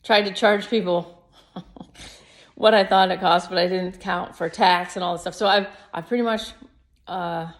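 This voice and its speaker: A woman's voice: lowish voice, steady tone, moderate pace. A woman in her fifties, a yoga teacher, rambling reflectively through a personal video diary. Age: 50s.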